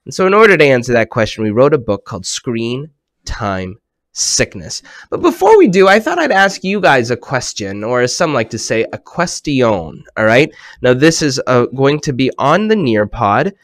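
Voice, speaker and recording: A man hosting a children's program over a video call, talking animatedly and swinging between hushed and excited tones. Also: medium pitch, moderate pace, no echo, clean studio sound.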